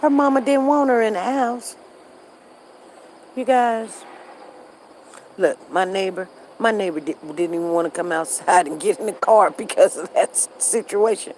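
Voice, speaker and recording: A woman's voice: medium pitch, normal speed, a little mellow, slight background noise, low-quality recording. A middle-aged woman, chatting casually on a livestream and reacting to what happens outside. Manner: chatty, repeats herself, reacts to events outside. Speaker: livestream host.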